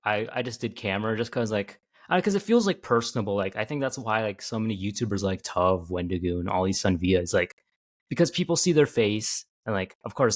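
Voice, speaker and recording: A young man co-hosting a casual podcast, rambling and filling nearly every phrase with "like". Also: fairly low pitch. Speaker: podcast co-host, YouTuber.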